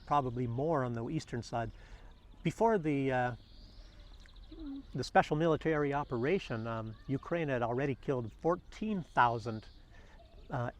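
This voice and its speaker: A man giving casual commentary and telling a fable in a rambling way, full of fillers and restarts. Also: mid-range voice. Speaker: vlogger. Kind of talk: casual spoken commentary and storytelling.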